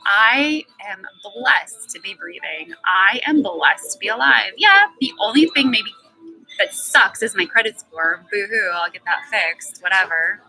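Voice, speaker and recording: A woman in her twenties tells her own story on a live stream with a bright, forceful tone. She talks bluntly and swears freely, and she hammers points home by repeating words. Faint music plays behind her. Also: mid-range voice, animated, measured pace, rough recording. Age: 20s. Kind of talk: candid personal monologue.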